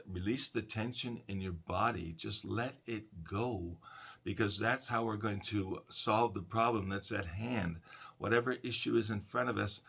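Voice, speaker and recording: A middle-aged man, a counselor, giving a calm, conversational self-help talk about breathing. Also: fairly low pitch, vocal fry, husky.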